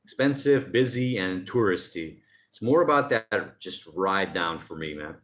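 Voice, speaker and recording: A man's voice: deep voice, lively intonation, unhurried, fairly bright tone. Laid-back guy on a live stream by the sea, joking around and rambling while he reads chat. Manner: loose, rambling and jokey, often laughing. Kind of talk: casual chat. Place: outdoors by the ocean.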